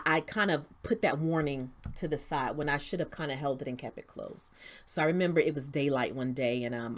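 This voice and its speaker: A woman telling her personal story as an interview guest, earnest and faith-driven, sometimes dropping to a hush. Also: rumbling low. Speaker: interview guest, founder of a women's outreach.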